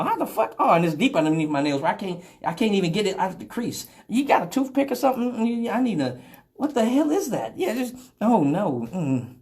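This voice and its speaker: A man telling a story casually to a live audience as the show's host. He is animated and profane, jumping from loud outbursts to low, muttered asides. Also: brisk, slightly rough. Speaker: radio show host.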